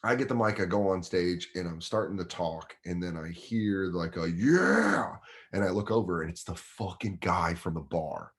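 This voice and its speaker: A man's voice: low-pitched, normal speed, hardly any pauses. A man, a guest comedian in his thirties, telling a casual, profane story and acting out other people's voices.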